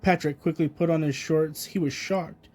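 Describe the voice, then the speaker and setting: A man reading a children's storybook aloud in a gentle, even storytelling manner. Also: a little high, moderate pace. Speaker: storybook reader.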